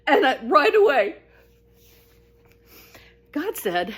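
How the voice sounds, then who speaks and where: A woman telling her own spiritual story in a casual, talkative monologue. She is earnest and expressive, and her voice lifts when she gets excited. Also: a little slow, pauses often, husky. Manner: animated and expressive, voice rising high when excited; earnest, talkative, with frequent restarts.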